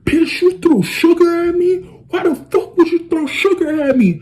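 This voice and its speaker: A woman's voice: mid-range voice, expressive, normal speed, close to an everyday voice. A woman voicing an angry teenage girl who curses and demands a fight. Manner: loud, cursing, aggressive.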